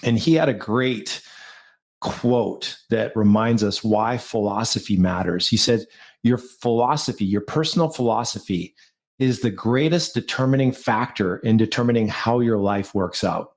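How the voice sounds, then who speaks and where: Male podcast co-host, low register, upbeat coaching tone, loves wordplay. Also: a little slow. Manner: playful, fond of alliteration, motivational. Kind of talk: podcast conversation.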